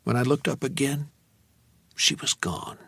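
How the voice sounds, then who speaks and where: A man reading a novel aloud in the first person as an audiobook narrator, telling the story in a measured, tense way. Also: medium pitch, expressive, gravelly, fairly bright tone, breathy edge, no room sound. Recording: dry close studio sound.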